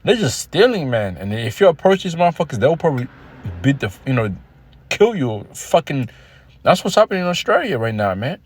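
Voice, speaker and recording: A man vlogging in a casual, animated rant, telling street stories full of profanity and quoting scripture. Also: medium pitch, fairly quick, slightly rough. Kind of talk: casual ranting monologue. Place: Australia.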